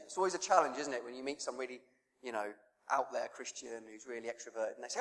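A man's voice: medium pitch, brisk. A man preaching an informal sermon, conversational and self-deprecating, with lots of rhetorical questions. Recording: long hall reverb.

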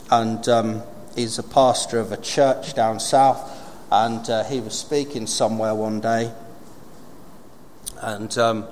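A man preaching a sermon, swinging from loud emphatic proclaiming to hushed storytelling. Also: mid-range voice, a little hiss or hum. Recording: long reverb in a large hall, faint ambience.

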